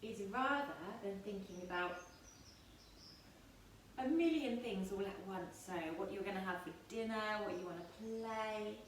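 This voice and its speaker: A woman's voice: mid-range voice, unhurried. Cheerful woman guiding kids' yoga, echoey room. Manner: gentle, encouraging, playful instructions. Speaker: yoga teacher. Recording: echoey room, distant mic, faint noise.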